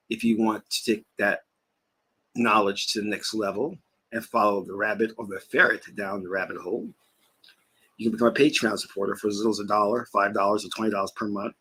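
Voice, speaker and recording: Husky low-voiced man chatting casually. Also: pushed and bright. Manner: rambling, chatty, laughs while talking. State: talking while eating. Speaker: spiritual teacher and channel host. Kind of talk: casual vlog chat.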